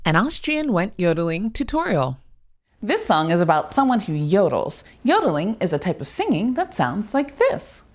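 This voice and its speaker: A young woman teaching children the moves of a song, speaking slowly and clearly in an encouraging way. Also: medium pitch, very animated. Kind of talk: kids' movement tutorial.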